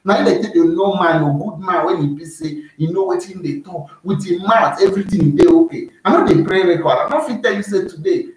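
A man's voice: fairly high pitch, fairly quick, hardly any pauses, far from the mic. Nigerian man vlogging in an echoey room. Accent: Nigerian Pidgin English. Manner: preachy, repeats himself, keeps asking "you dey hear me". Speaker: YouTube vlogger giving advice. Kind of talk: casual advice monologue. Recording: very echoey room, voice away from the mic.

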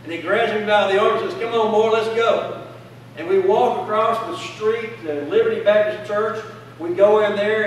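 A man's voice: high voice, slight background noise. A man preaching a sermon with fervent call-and-response in a church. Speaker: pastor. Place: church sanctuary. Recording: echoey church hall from a distance.

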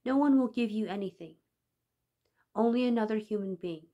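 A woman's voice: on the high side, moderate pace, warm tone, highs cut off, lightly acted. A woman reading the part of a manipulative young teacher who talks to children in a sweet, coaxing, persuasive way. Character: smooth-talking manipulative young female teacher.

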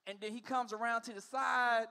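A man's voice: very high-pitched, fairly even intonation, moderate pace, creaky, bright, forceful tone, smooth. A man in his forties performing a stand-up comedy set on a comedy club stage, telling stories animatedly and acting out other people's voices. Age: 40s.

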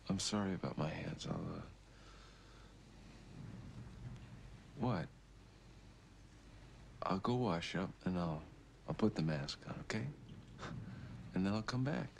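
A man's voice: sits low, animated, moderate pace, vocal fry, long pauses, slight background noise. An actor playing an unstable, intense young man in a film drama, pleading one moment and lashing out the next. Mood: coaxing. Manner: pleading, volatile, sudden angry outbursts.

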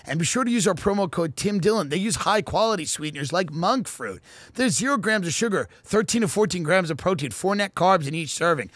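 A man hosting a podcast, doing a profane, deadpan comedic ad read that swings into shouted rants. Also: sits high, brisk, dry recording. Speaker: podcast host reading ads.

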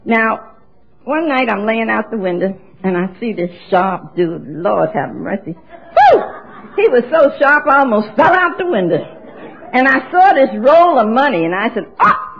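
A woman in her seventies from New York, telling her story as a speaker at a recovery meeting in an auditorium, with lively exclamations. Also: medium pitch. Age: 70s. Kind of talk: recovery talk to an audience. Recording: dull lo-fi recording.

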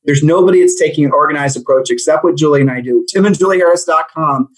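A man who coaches real estate agents, chatting on a podcast in an animated, rambling, jokey way. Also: fairly high pitch, fast, low-quality recording. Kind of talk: casual podcast chat.

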